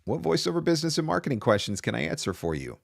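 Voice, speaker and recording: A man's voice: on the high side, sing-song, rapid-fire, vocal fry, dry recording, clean studio sound. A man hosting a live-stream Q&A, giving casual voice-over business advice in a loose, chatty way with frequent restarts.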